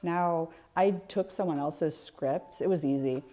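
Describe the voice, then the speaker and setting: A woman's voice: low-pitched, measured pace, mellow. A woman chatting casually on a live art stream, laughing often and talking to her chat by name.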